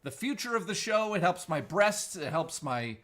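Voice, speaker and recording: Speaking at a moderate clip in a high voice, a man runs a live stream and swaps crude, playful jokes with his audience. The exchange with chat is casual, animated and full of teasing banter.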